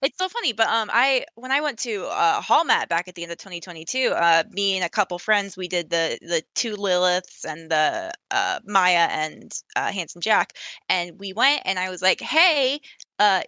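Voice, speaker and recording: A woman hosting a podcast, chatting casually and relaxed, with fillers as she tells a story. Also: fairly low pitch, moderate pace, no echo. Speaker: podcast host. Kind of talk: casual chat.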